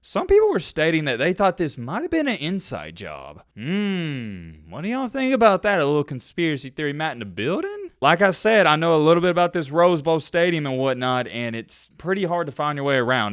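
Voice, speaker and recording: Animated young man in slangy commentary. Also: mid-range voice, no echo, studio quality. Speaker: commentary vlogger. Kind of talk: casual reaction commentary.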